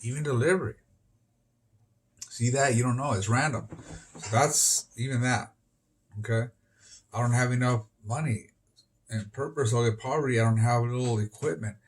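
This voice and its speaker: A man being interviewed outdoors on the street, talking in a rambling, disjointed way that jumps between topics. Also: mid-range voice.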